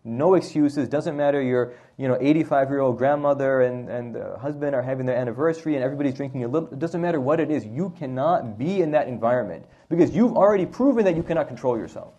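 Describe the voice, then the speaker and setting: Mellow-voiced man giving a religious lecture. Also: mid-range voice, fast, few pauses, highs cut off. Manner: animated, asks rhetorical questions, often adds "right?". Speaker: religious teacher. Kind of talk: Islamic history lecture to a class.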